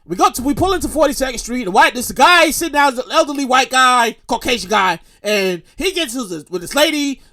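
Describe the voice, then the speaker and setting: A man hosting a podcast, telling a story in an animated, profane, repetitive rant. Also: extremely high pitch, fairly quick, few pauses. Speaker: podcast host. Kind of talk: casual storytelling.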